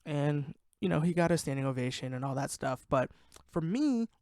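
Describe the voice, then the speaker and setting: A man's voice: on the high side, expressive, normal speed, darkish tone, no room sound, studio quality. A man hosting a casual sports podcast, ranting in a heated, profane way, worked up and sweating. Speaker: podcast host.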